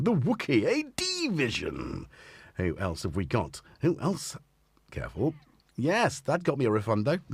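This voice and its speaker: A man's voice: lowish voice, slightly rough, no room sound. A man hosting a live synth stream in casual chat, rambling and self-deprecating, tired and a little sore-throated. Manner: rambling, self-deprecating, playful asides to his cats.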